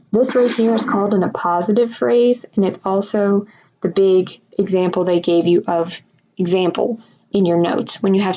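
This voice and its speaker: A woman's voice: mid-range voice, mellow, lo-fi sound, a little hiss or hum. A woman teacher walking students through a recorded lesson, explaining each answer patiently and step by step.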